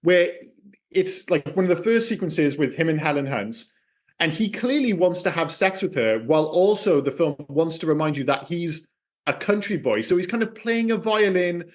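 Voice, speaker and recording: A man co-hosting a podcast, chatting casually about a film with lively swearing and acted-out quips. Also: fairly high pitch, moderate pace. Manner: animated, swears freely, acts out quips. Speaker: podcast co-host. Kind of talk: casual film review chat.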